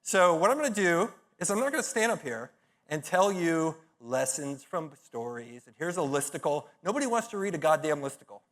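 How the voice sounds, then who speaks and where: A man's voice: fairly high pitch, big pitch swings, fairly quick, fairly bright tone. A middle-aged man giving a conference talk, telling stories in a punchy, blunt way with profane, self-mocking humor. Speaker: conference speaker.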